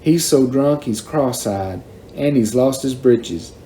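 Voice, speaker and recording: A man reading aloud and voicing a prim, bossy little girl who scolds and tattles in a shrill voice. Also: expressive, takes it slowly, warm tone, slight background noise. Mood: tattling.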